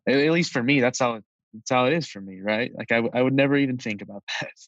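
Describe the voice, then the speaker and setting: A man of twenty-one, a podcast guest, telling a personal story in a relaxed, chatty way with frequent fillers. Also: medium pitch, quick pace, no room sound, muffled recording.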